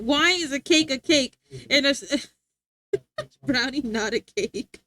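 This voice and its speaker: A woman's voice: high-pitched, slow pace, pauses often, bright, forceful tone. A woman streaming live and chatting casually with her chat, playful and teasing, laughing often.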